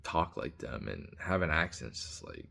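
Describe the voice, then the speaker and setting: Blunt, rambling man with a deep voice. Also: big pitch swings, normal speed, vocal fry, sharp tone. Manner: rambling, blunt, frequent restarts and filler words. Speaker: commentator. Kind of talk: casual opinion monologue.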